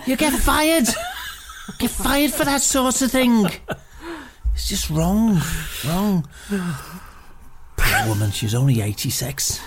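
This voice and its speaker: A man's voice: high-pitched, expressive, slow pace, long pauses. Guy doing a foul-mouthed fake psychic, brash, voice jumps all over, bit of hiss. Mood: brash, crude. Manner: swearing, brash, mock-mystical. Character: crude boastful male fake psychic. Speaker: comic psychic character. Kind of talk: improvised comedy podcast.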